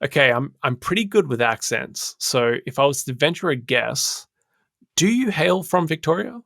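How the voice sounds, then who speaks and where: Gravelly, bright podcast host man. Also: on the high side, very animated, moderate pace, no echo, studio quality. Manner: friendly, laughs often. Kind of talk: podcast interview.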